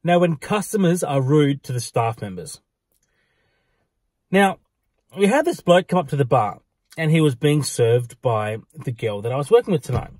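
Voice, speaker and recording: Husky young man telling a work story. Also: fairly high pitch, moderate pace, no echo. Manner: animated, acts out quoted lines. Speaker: vlogger, bar worker. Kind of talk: casual storytelling to camera.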